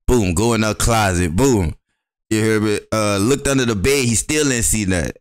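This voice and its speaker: Animated laughing male storyteller, dry mic. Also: lowish voice, normal speed, clean tone, no echo. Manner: loud, laughing, acts out voices in his stories. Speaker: podcast co-host.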